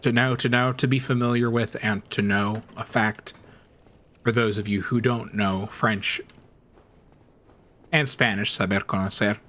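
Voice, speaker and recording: A man's voice: lowish voice, steady tone, measured pace, long pauses, a bit bright. Chatty rambling male streamer. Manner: rambling, chatty, laughs often. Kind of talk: casual chat while gaming.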